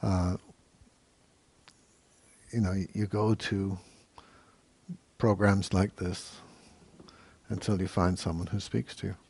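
A man teaching meditation, answering questions in a calm, measured way with frequent hesitant fillers. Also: sits low, vocal fry, slightly rough. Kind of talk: dharma talk Q&A.

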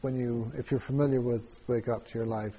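A man, a meditation teacher, answers questions at a retreat in a halting way, with many fillers and restarts and frequent chuckles. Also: mid-range voice, fairly even intonation, mellow, husky, lo-fi sound.

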